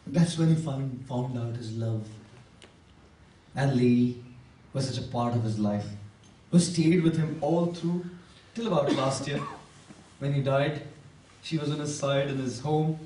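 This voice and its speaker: A man's voice: mid-range voice, a little slow, long pauses, mellow. A man giving an emphatic motivational talk to a live audience, repeating key words and asking the crowd questions. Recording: echoey hall, voice from a distance.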